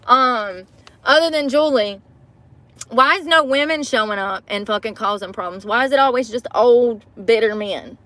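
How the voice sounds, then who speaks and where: A woman's voice: a little high, moderate pace, a bit bright. Chatty, foul-mouthed woman vlogging from her car. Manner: chatty, profane, laughs often. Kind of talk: casual chat to camera. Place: inside a parked car in a parking lot. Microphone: phone camera.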